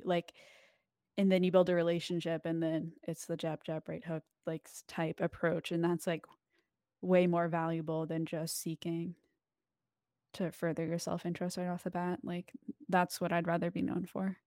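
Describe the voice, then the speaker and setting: A young woman joins a podcast as a guest and chats casually, leaning on fillers and laughing asides. Her voice sits a little low. The sound is dry and close. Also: monotone, normal speed, mellow, dry recording. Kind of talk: casual chat.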